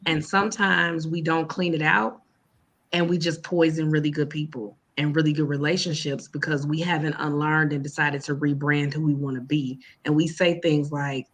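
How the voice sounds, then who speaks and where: A woman's voice: low-pitched, steady tone, moderate pace. A woman educator who is a guest on a podcast. She tells earnest stories about her classes and acts out the exchanges with her students. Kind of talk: casual chat.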